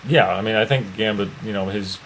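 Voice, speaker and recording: A man's voice: fairly low pitch, fairly quick, fairly bright tone, slight background noise. A man co-hosting a casual movie review, talking in a hesitant way with many restarts and trailing off. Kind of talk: casual chat.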